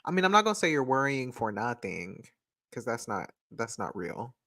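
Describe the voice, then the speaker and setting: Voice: medium pitch, very animated, normal speed, sharp tone, no room sound. A person giving casual astrology and tarot readings on a live stream, chatty and playful, talking close to a microphone. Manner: playful, chatty, laughs often. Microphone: desk microphone, close.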